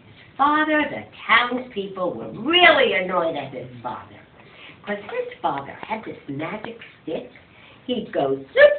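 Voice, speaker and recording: A woman telling a story to a child, with dramatic swings of voice for effect. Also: a little high. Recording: far from mic, phone-like, echoey, faint noise.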